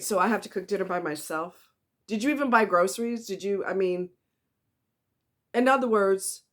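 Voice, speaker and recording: A woman talking casually to the camera, giving blunt relationship advice in a sassy way and acting out what other people say. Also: fairly low pitch. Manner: blunt, sassy, acts out quoted voices. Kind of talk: casual monologue.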